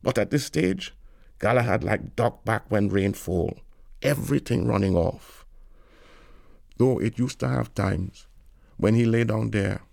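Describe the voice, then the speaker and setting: A man's voice: fairly low pitch, creaky, darkish tone, no echo, clean studio sound. A man reading literary fiction aloud in a wry, lilting storytelling manner. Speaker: narrator.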